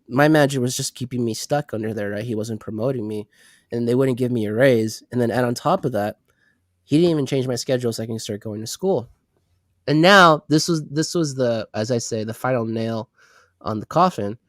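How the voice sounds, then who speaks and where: In studio-quality audio with no room sound, this congested-sounding co-host uses a mid-range voice to retell a work story animatedly. He swears freely and performs the quoted dialogue as he rants.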